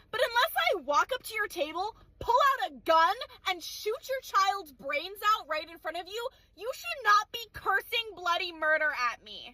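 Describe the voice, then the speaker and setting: A woman's voice: very high-pitched, bright, forceful tone, dry recording. A young woman working as a restaurant server, ranting in an exasperated, profane and sarcastic way. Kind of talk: ranting monologue.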